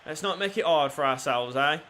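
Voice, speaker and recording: A young man giving crude, cheeky commentary over a football video game, swinging from low mutters to shouted goals. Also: brisk, slight background noise. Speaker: gaming YouTuber. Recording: faint music behind.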